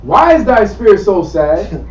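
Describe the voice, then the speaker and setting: A man's voice: sits high, very animated, unhurried, a little mellow, recorded from a distance. Man reading scripture aloud, echoey. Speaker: scripture reader. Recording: dull, echoey, from afar.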